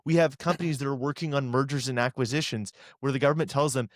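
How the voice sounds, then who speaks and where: A man's voice: medium pitch, quick pace, no echo. A man co-hosting political commentary with biting sarcasm and indignation. His voice sits in a middling register. The sound is close and dry, with no room around it.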